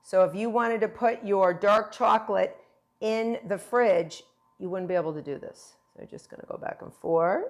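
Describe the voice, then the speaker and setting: A woman's voice: medium pitch, moderate pace. A middle-aged woman chef giving a chatty, playful, encouraging cooking demonstration. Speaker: cooking instructor.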